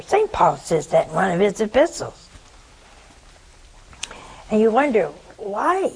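A woman's voice: very animated, slow pace, creaky, long pauses, a little mellow, husky, rough recording. An older woman with a Southern American accent preaching a sermon, telling a story and asking rhetorical questions. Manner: storytelling, rhetorical questions, pitch swings for emphasis.

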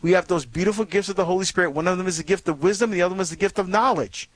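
A man's voice: sits high, racing. A man hosting a Catholic call-in radio show, talking earnestly and conversationally with many fillers and restarts. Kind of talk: faith talk radio monologue.

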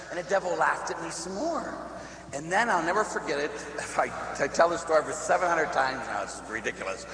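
A man from Pittsburgh, a priest, preaching a sermon as a lively storyteller who acts out voices and laughs at his own tale. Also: on the high side, fairly quick. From Pittsburgh, USA. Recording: echoey hall with faint hum.

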